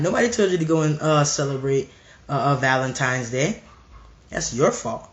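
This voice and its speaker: A man's voice: a little high, moderate pace, echoey room. A man preaching an emphatic, repetitive monologue full of rhetorical questions.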